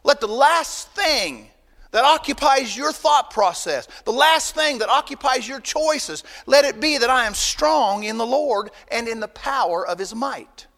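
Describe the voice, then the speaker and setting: A man preaching a sermon as pastor, folksy and emphatic, swinging between loud bursts and quiet asides. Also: very high-pitched, expressive, measured pace, in a large hall.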